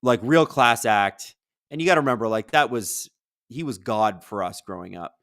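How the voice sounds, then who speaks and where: A man hosts a live hockey watch-along in a casual stream, commenting on the game and reading chat questions aloud in an energetic, rambling way. His voice is mid-range at a moderate pace. The audio is studio quality with no echo.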